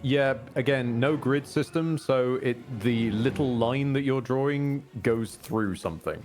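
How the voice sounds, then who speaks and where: A man's voice: mid-range voice, unhurried, darkish tone. A man joking and explaining the game as he plays with a friend. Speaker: gamer. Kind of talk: casual gameplay chat. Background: game music.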